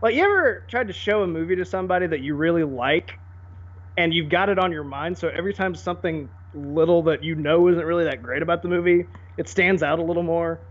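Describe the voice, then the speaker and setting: A man co-hosting a podcast in casual chat, animated and quick to laugh and put on voices. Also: on the high side. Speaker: podcast co-host. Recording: dull lo-fi audio.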